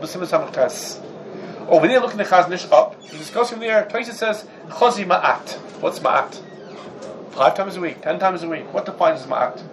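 Man, raised pitch, animated Talmud class lecturer. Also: a little hiss or hum, low-quality recording. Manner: animated, rhetorical questions, mixes Hebrew and Yiddish terms. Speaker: Torah class teacher.

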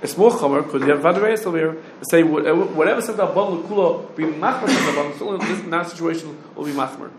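A man gives a Talmudic lecture in a fairly high voice, pressing each point with quick questions that climb upward. The room gives his voice a noticeable echo, and a faint ambience hums underneath. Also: background noise. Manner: rapid questioning, rising challenges. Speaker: religious law teacher.

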